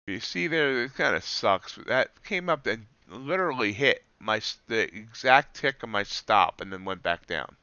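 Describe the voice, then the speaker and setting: A man's voice: medium pitch, animated, moderate pace, few pauses, bright, forceful tone, clean tone, no room sound, highs cut off. A man live-streaming his trades, chatting casually and joking at his own slips as he explains the charts. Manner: chatty, self-deprecating, explains trades while watching charts.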